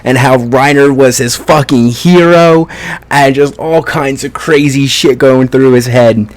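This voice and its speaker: An excitable man talks through an anime episode in a loose, casual review. He swears freely and leans on fillers as he retells the fight scenes. His voice sits at an ordinary middle pitch. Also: measured pace. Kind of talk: casual spoken review and recap.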